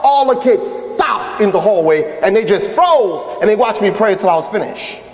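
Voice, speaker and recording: A man, an imam, telling his story in a lively religious lecture and acting out the voices of people he quotes. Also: high-pitched, moderate pace. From United States. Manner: animated, acts out quoted voices. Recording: echoey hall with long reverb.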